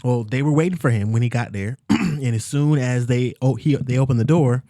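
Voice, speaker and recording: A man, a podcast guest, telling an emotional personal story in an earnest, halting way, repeating himself and close to tears. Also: mid-range voice, mellow, no echo.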